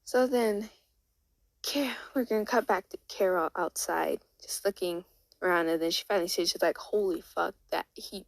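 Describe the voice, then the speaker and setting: A woman's voice: fairly low pitch, normal speed, no room sound, rough recording. A woman casually retelling a story in a rambling way, full of restarts and "and then she was like".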